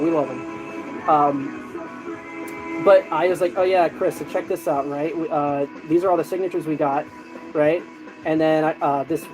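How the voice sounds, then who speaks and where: A man streaming, chatting casually and telling animated stories with lots of fillers and restarts. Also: fairly high pitch, low-quality recording. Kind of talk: casual chat. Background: music.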